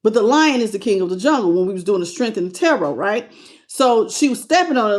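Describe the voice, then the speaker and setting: A woman's voice: fairly high pitch, animated, fairly quick. A woman with a slight country twang, reading tarot on a live stream and greeting her viewers with pet names. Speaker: tarot reader.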